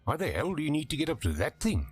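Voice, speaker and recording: An actor playing a rugged older-brother helicopter tour pilot with a South African accent, blunt and easygoing, in a game. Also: male voice, on the high side, huge pitch swings, fast, soft background music. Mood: gruff.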